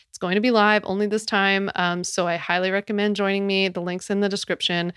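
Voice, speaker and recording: A woman hosts her podcast in a casual solo chat, laughing often and slipping into sarcasm. Her mid-pitched voice is smooth and clear. The sound is dry and close to the mic. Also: fairly bright tone, dry recording. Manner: chatty, laughing, sarcastic asides. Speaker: podcast host.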